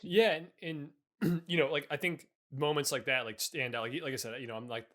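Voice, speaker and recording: A young man co-hosts a podcast in a quick, bright voice. He rambles through his points with lots of fillers. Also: fairly high pitch, steady tone. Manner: rambling, many fillers and restarts, laughs along. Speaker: podcast co-host. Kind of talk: casual podcast chat.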